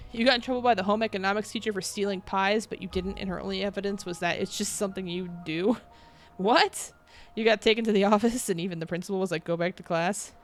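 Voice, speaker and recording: A woman's voice: mid-range voice, fairly even intonation, fast, soft background music. Chatty laughing woman streamer. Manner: chatty and laughing, reads viewer comments aloud and answers them. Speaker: game streamer. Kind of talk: casual live-stream chat.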